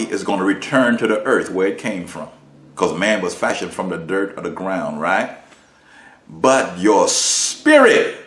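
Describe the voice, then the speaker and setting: A man, a minister, delivering a preached lesson. He talks emphatically, uses rhetorical questions, and swings widely in pitch and volume. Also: a bit bright. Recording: roomy echo.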